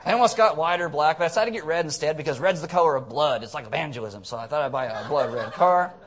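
A man's voice: medium pitch, rapid-fire, fairly bright tone, close to an everyday voice. A man playing a self-pitying, comfortable churchgoer in a sarcastic, mock-earnest sermon bit.

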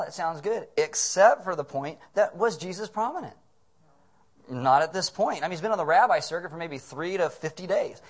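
Humorous, animated male pastor preaching. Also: high voice. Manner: humorous, animated storytelling with acted voices. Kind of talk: sermon.

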